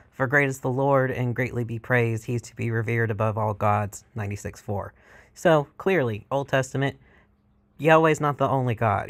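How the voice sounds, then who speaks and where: A man vlogging in a casual, irreverent and profane way, retelling stories and slipping into mock voices. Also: mid-range voice. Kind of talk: casual chat.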